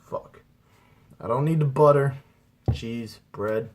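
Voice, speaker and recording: Speaking slowly in a medium-pitched, somewhat mellow voice, a young man tells a rambling comedic tale about himself. The amateur comedian's stand-up storytelling is peppered with repeated "dude"s.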